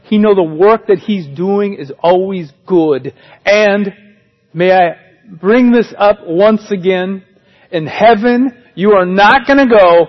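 Brief: male pastor, fairly high voice, chatty sermon delivery with wry jokes, dull lo-fi recording. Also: slow. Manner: conversational, joking asides.

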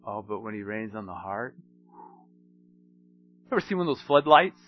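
A man preaching a sermon, swinging between hushed asides and emphatic storytelling. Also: on the low side, very animated, moderate pace, lo-fi sound, faint music behind.

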